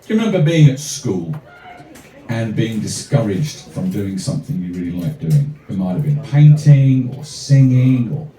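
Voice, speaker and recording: Wry poet reading comic verse, roomy. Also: male voice, lowish voice, moderate pace, noisy background. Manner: wry, deadpan asides between rhyming poems. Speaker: performance poet. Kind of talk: live comic poetry reading. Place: small cafe venue with an audience. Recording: roomy, distant audience recording.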